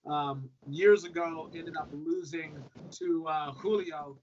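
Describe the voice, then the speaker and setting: A man in his thirties, a brand ambassador guest, talking in a relaxed, upbeat way with lots of fillers. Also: fairly high pitch, slow. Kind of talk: casual conversational storytelling. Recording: dull lo-fi audio with faint noise.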